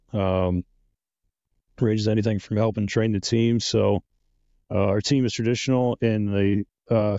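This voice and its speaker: A laid-back man answers interview questions in a low, flat voice, pausing often on "uh" and "you know". His tone is dark and mellow. The recording is dry and slightly muffled. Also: no room sound. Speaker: guest, penetration tester.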